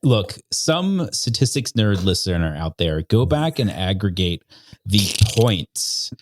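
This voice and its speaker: A man's voice: on the low side, big pitch swings, slow, dry recording. A man co-hosting a podcast, joking wryly and running himself down in casual banter. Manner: wry, self-deprecating banter. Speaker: podcast co-host.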